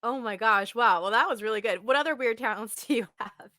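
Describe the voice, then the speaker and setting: Upbeat young woman host on a video call, bright and high, gushes and laughs a lot. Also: a little fast, no room sound. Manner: bubbly, gushing, laughs often. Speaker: podcast host and acting coach. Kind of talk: upbeat live video interview.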